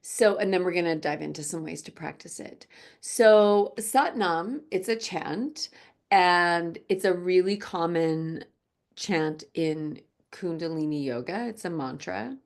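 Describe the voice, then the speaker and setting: A woman teaching a gentle yoga class, speaking softly and slowly. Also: on the low side, vocal fry. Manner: slow, soft-spoken, drifts into quiet chanting.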